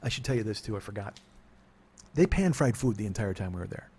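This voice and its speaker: A man's voice: fairly low pitch, animated, fast talker, darkish tone, a little hiss or hum. A middle-aged man from California telling a long personal story, rambling and profane, often cutting himself off mid-sentence. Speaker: podcast host. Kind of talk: confessional monologue.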